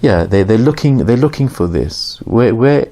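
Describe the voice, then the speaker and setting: A man's voice: medium pitch, expressive, normal speed, mellow. A man giving an informal religious lesson, telling stories conversationally and acting out the dialogue. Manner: conversational storytelling, acts out dialogue with raised voice. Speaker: Islamic teacher.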